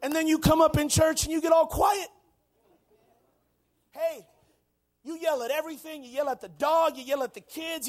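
A man preaching a Pentecostal sermon, shouting and folksy, dropping to quiet asides between loud calls. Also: very high-pitched, fairly even intonation, normal speed, long pauses, background noise. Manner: shouting, preaching with rising intensity. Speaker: pastor.

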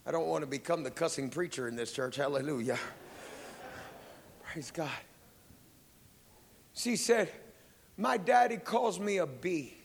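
A man preaching a sermon in a church. He tells a story softly, drops to near whispers, then rises to shouting praise and speaks in tongues. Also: a little high, animated, measured pace, vocal fry, long pauses, big-room sound, a little hiss or hum.

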